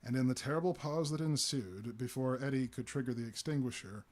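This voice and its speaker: A man of middle pitch reading a humorous story aloud live. He narrates deliberately, with a few small fillers and restarts along the way. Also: darkish tone. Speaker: reader.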